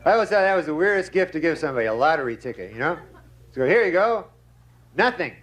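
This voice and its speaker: A man doing a stand-up routine on a comedy club stage, with a drawling deadpan delivery and many "you know?" asides. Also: a little high, rapid-fire. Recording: live club recording with loud crowd and noise.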